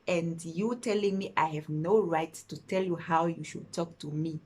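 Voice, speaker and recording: A woman's voice: lowish voice, moderate pace, few pauses, darkish tone. A woman telling a personal story to camera in a casual storytime monologue, emphatic and indignant, repeating phrases for stress and mixing in words from another language. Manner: mixes local-language words into her talk.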